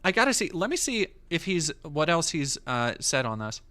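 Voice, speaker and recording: A man's voice: a little high, big pitch swings, normal speed, pushed and bright, clear, resonant tone. A man casually commenting on clips as a streamer, sarcastic and swearing freely.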